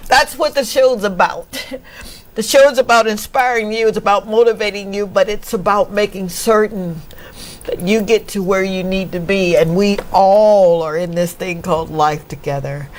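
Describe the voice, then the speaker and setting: A woman's voice: mid-range voice, unhurried. A woman talk show host, emotional and laughing often as she closes her show. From Mississippi, United States. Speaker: podcast host.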